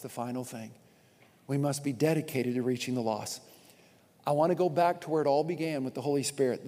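A man preaching a sermon as pastor from a church stage, animated and repeating his points for emphasis. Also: mid-range voice. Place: church auditorium with long reverb. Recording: long hall reverb.

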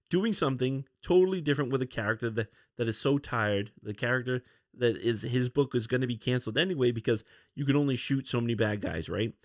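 A man's voice: mid-range voice, no room sound, studio quality. A man hosting a casual solo podcast, rambling through a comic review with many restarts and fillers. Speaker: podcast host.

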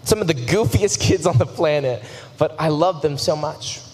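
A man's voice: on the high side, normal speed, a little mellow. A young man preaching a sermon in a large church hall, telling personal stories in an earnest, casual and self-deprecating way. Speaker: youth preacher. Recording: long hall reverb, faint noise.

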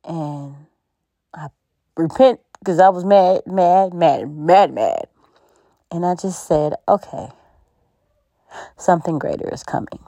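A woman's voice: fairly low pitch, animated, unhurried, long pauses, no echo, clean studio sound. A woman hosting a podcast, giving an encouraging faith-based pep talk in a conversational, preachy way with frequent laughs. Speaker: podcast host.

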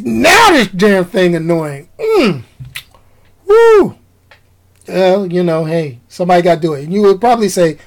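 A man vlogging, telling a rambling, casual story in slangy talk and often jumping up in pitch for emphasis. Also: a little mellow, poor audio.

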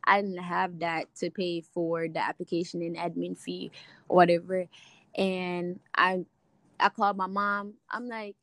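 A young woman tells her story with a Jamaican lilt, switching between her own voice and the voices of people in her tale. Her delivery is lively and expressive, with easy laughter. The sound is dry and close, with little room echo. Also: on the low side, measured pace. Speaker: guest sharing a testimony. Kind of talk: animated faith storytelling.

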